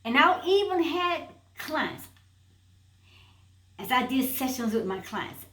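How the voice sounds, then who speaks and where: A woman speaks in a fairly high voice, delivering a motivational self-help message with strong emphasis and a habit of repeating her key phrases. Her voice carries the echo of a room and sits at some distance from the mic. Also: big pitch swings, slow pace, a bit bright.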